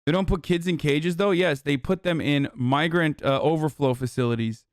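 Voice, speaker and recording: A male streamer rants about politics in a heated, profane and rambling way. His voice sits a little high. The sound is dry and close, with no room echo. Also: moderate pace. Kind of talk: livestream commentary reacting to chat.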